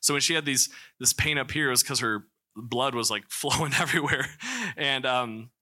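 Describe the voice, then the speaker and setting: Young male preacher from Missouri, candid testimony, very bright tense voice, frequent restarts. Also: mid-range voice, moderate pace. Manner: candid storytelling with many restarts and fillers. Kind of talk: personal testimony in a church talk.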